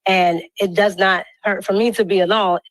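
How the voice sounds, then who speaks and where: A woman answering as an interview guest, defensive and halting in her replies. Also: mid-range voice, fairly even intonation, no room sound, poor audio.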